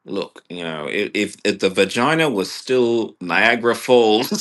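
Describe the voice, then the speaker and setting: Male vlogger, slow delivery, swearing and exasperated, drops to mutters then flares up. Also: lowish voice. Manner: profane, exasperated, swings from mutters to loud bursts. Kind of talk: rambling personal rant.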